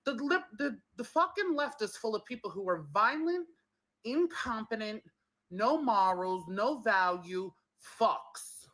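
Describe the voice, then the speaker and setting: A man rants into his phone camera in a fury, hammering the same phrases again and again. His voice sits fairly high and sounds bright and edgy. He swears hard and talks straight at the viewer. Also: lively intonation, unhurried, rough recording. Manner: furious, profane, repeating phrases. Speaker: social media poster. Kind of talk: angry rant to a phone camera.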